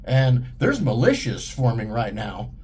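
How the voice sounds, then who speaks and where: A man's voice: medium pitch, huge pitch swings, a little slow, darkish tone, slight background noise. A man delivering a heated, profane monologue in a blunt, ranting manner. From United States. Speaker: vlogger. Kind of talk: monologue to camera.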